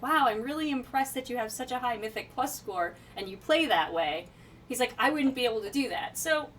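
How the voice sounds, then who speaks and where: Chatty woman vlogger, high voice. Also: a bit bright, distant mic, a little hiss or hum. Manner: chatty, laughs often, many fillers like "like". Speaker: gamer vlogger. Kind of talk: casual chat.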